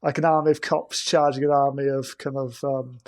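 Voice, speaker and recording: A man co-hosting a casual film discussion, halting and repeating words as he thinks aloud. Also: medium pitch, level tone, a little mellow. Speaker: podcast co-host.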